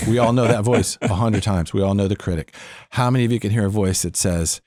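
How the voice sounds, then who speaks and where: A man's voice: low-pitched, brisk, mellow, no echo, studio quality. An older man speaking as a podcast guest, teaching about faith in an earnest, emphatic way, repeating phrases and laughing between points.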